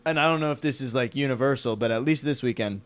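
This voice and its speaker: A man's voice: mid-range voice, fast. A young man co-hosting a comedy podcast in casual chat, joking and playful. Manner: joking, playful, slips into silly voices. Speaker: podcast co-host.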